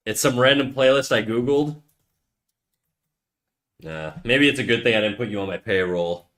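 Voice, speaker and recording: A man talks casually to his stream while he draws, ribbing the people in it. His voice sits at an ordinary middle pitch. He slips often into soft muttered asides. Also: normal speed, vocal fry. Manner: joking, teasing banter with quiet mumbled asides. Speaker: livestreaming artist.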